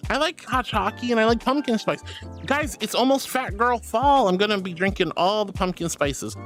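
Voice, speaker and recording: Bubbly woman streamer with lively pitch. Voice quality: squeaky laugh. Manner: bubbly, affectionate, calls viewers sweetheart and darling. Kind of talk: live-stream chat reading.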